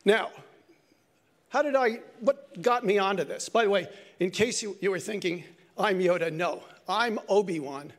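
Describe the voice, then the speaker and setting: An older man gives a brief lightning talk at a conference. His voice sits high for a man and has a gravelly, fry-edged texture. He speaks earnestly and reflectively, sometimes correcting himself mid-phrase. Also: moderate pace.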